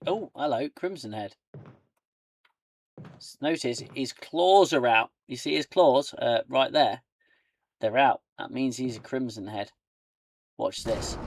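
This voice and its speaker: A man talking over his gameplay in a relaxed, half-muttered way, drifting into silly sing-song phrases. His pace is unhurried and his pitch sits in a middle range, with a faint hiss of noise behind him. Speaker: gaming channel host. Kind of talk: casual let's-play commentary.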